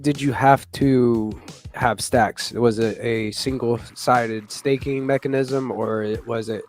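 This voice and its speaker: A man's voice: mid-range voice, steady tone, takes it slowly, faint music behind. A man hosting a casual live news chat, rambling with lots of fillers and laughing now and then. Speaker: morning show host.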